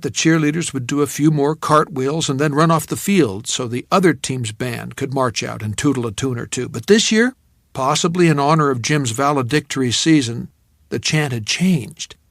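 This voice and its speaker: A man reading a novel aloud in measured, reflective first-person narration on a studio mic. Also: mid-range voice, fairly bright tone, no room sound. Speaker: audiobook narrator.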